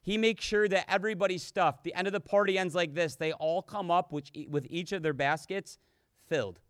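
High-voiced man preaching with fervor. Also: brisk, dry recording, clean studio sound. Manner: impassioned preaching that swings from loud to hushed. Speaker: pastor. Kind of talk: sermon.

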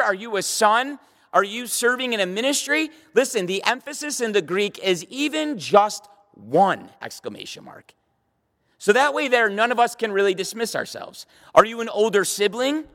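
A man's voice: sits high, pushed and bright. A middle-aged man preaching a sermon to a live audience in a church hall, emphatic, stumbling over repeated words and firing rhetorical questions at the room. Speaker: pastor.

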